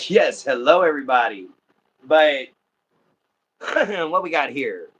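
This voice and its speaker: A man's voice: on the high side, a bit bright, breathy edge, highs cut off. An American man hosting a casual livestream, chatting and laughing often as he greets viewers. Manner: laughs often, friendly sign-offs. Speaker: livestream host.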